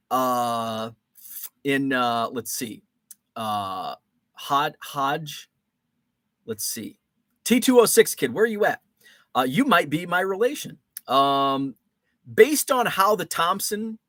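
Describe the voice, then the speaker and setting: A man hosts a casual live stream and chats with viewers in a loose, rambling way, full of fillers and false starts. His voice sits at an ordinary middle pitch. The recording is dry and close, with almost no room sound. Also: a bit bright, no echo. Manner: rambling, many fillers and restarts.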